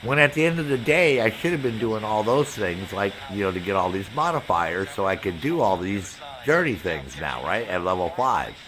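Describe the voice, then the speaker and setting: A gaming streamer with a lowish voice tells his chat an angry story about a clan member at a moderate pace, barely pausing over the background noise. He acts out both sides of the exchange with animated quoting and curses heavily throughout.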